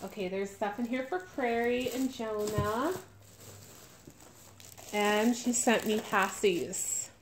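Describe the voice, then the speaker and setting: A woman gushing emotionally as she unboxes a reborn doll, close to tears with excitement. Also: a little high, slow, pauses often, slight background noise. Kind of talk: unboxing vlog.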